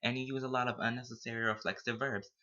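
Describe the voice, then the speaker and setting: A man's voice: mid-range voice, flat delivery, quick pace, bright, forceful tone. A young man, a student, talking casually to camera and playfully dropping Spanish words into his English. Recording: dull lo-fi recording.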